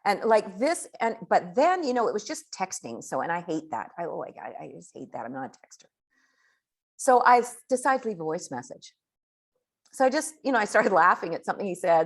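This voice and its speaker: A woman giving a casual coaching talk on network marketing, chatty and animated. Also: lowish voice. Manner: chatty, animated, acts out quoted dialogue.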